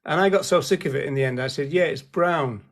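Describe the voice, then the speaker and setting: A man's voice: medium pitch, rapid-fire, slight background noise. A man in casual chat as a co-host, joking and chuckling. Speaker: radio co-host.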